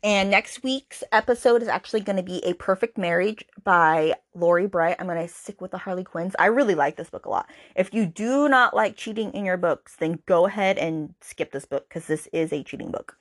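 A chatty woman hosting a book podcast, talking casually and filling her retelling with fillers and quoted dialogue. Her voice sits a little low for a woman. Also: normal speed, hardly any pauses. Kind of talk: casual book review chat.

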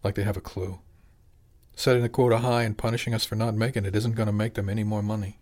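A blunt, streetwise animal fisheries boss, as a man voices him in a storybook reading. He talks in slangy, pressing turns in a low male voice. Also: flat delivery, quick pace, darkish tone, close to an everyday voice.

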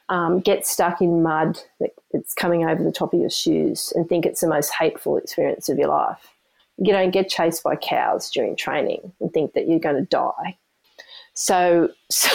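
A woman's voice: on the low side, creaky, a little mellow, poor audio. A woman, talking candidly and animatedly as an interview guest, with frequent restarts and self-deprecating asides. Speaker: guest, runner.

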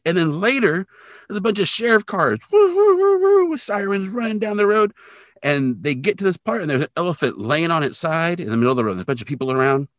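A man co-hosting a podcast, casually retelling an episode with lively sound effects. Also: a little high, fast talker, no echo, studio quality. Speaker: podcast co-host.

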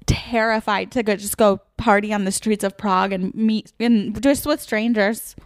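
A woman who is a regular guest on a podcast, telling stories in a rambling, animated way. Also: mid-range voice, moderate pace, no echo, clean studio sound. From United States. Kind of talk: casual chat.

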